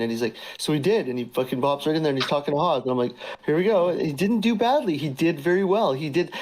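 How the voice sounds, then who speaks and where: A man's voice: on the high side, darkish tone, low-quality recording. A man hosting a casual livestream chat, rambling and swearing freely, often breaking into laughter. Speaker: livestream host.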